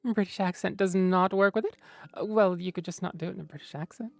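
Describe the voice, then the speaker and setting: A woman's voice: on the low side, brisk, creaky, a little mellow, no room sound, soft background music. A woman streamer chatting casually with her viewers, playful and teasing. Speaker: streamer reading chat. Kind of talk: casual livestream chat.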